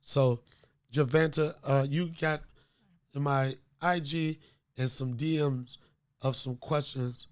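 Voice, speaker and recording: A man's voice: medium pitch, steady tone, takes it slowly, clear, resonant tone. A man hosting a comedy podcast, getting over a cold, talking in a loose, profane, storytelling way with lots of fillers. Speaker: podcast host. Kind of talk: casual comedic podcast chat.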